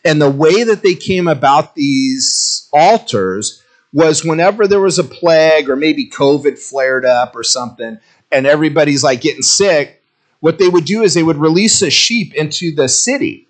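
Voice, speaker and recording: A man's voice: fairly high pitch, moderate pace. Man preaching a casual, jokey sermon. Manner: conversational, jokey, animated asides. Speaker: pastor.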